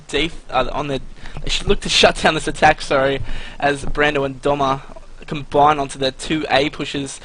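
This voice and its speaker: A man calling a live shooter match with quick asides, small jokes and self-corrections. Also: on the high side, fairly bright tone, a little hiss or hum, rough recording. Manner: chatty, joking, corrects himself. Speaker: esports commentator. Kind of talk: live esports play-by-play commentary.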